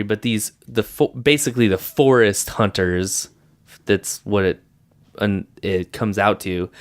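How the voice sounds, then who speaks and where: A man with a smooth, clear and somewhat low voice co-hosts a casual podcast. He rambles through his points with plenty of fillers and easy laughter. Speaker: podcast co-host. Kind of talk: casual chat.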